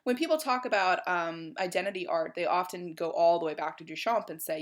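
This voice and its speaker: A woman's voice: on the low side, a little fast. A woman giving a college art history lecture in a chatty, informal way, with many fillers.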